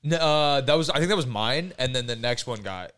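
A man's voice: mid-range voice, expressive, fairly quick, fairly bright tone, smooth. A young man co-hosting a podcast, telling jokes in rambling, swearing casual chat. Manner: rambling, swearing, laughing storyteller. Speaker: podcast co-host.

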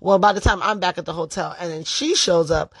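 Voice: mid-range voice, brisk, fairly bright tone, slightly rough, dry recording. A vlogger telling a story in a casual monologue, blunt, profane and emphatic.

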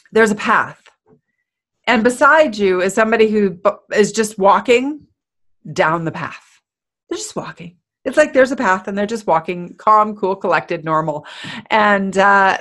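A woman giving a motivational talk in an energetic, playful, conversational way. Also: mid-range voice, measured pace. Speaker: motivational speaker.

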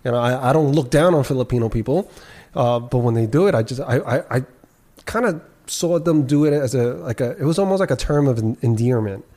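A man talking in a casual group discussion, halting and rambling, with many restarts. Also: medium pitch, lively intonation, dark tone.

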